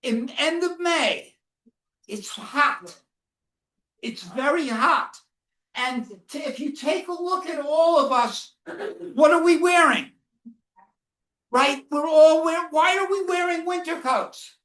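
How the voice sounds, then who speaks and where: A woman giving a first-person survival testimony to students, speaking slowly and solemnly and often asking the audience questions. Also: high voice, a bit bright. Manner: slow, solemn storytelling. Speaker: Holocaust educator speaking to students. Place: classroom or lecture hall. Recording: echoey room, mic far off.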